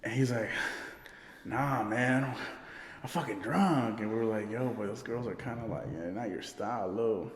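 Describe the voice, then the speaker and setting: A man co-hosting a podcast tells a loud, profane party story, laughing as he goes and acting out what his friends said. His voice sits at an ordinary pitch. The room is echoey, with a long reverb trailing each line. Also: moderate pace. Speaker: podcast co-host. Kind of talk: casual storytelling chat. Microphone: podcast microphone.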